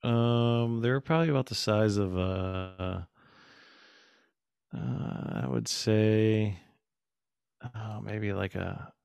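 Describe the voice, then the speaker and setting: Low gravelly man telling a story. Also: takes it slowly, pauses often, dry recording, studio quality. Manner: animated storytelling with acted-out quotes. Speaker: guest. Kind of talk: casual conversation.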